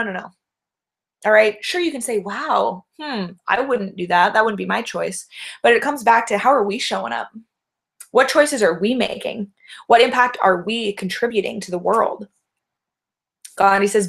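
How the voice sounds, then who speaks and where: Gravelly-voiced woman coaching on leadership. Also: medium pitch, fairly bright tone. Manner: encouraging, asks many rhetorical questions with tag "right?". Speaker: life coach. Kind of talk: talking to camera in a webinar.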